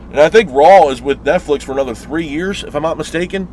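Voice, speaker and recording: A man's voice: on the high side, quick pace, few pauses, darkish tone, slight background noise. Profane, exasperated man ranting on a review vlog. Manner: rhetorical questions and repeated complaints. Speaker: wrestling show reviewer.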